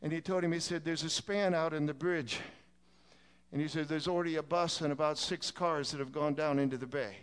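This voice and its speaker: Male preacher, sermon storytelling, clean resonant tone, rises from hushed to shouting. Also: a little high, fairly even intonation, a little fast, clean tone. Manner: builds from quiet telling to shouted pleading.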